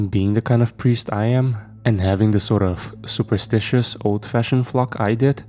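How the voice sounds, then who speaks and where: A man reading a first-person horror story aloud in a measured, steady storytelling manner. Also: fairly low pitch. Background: faint background music.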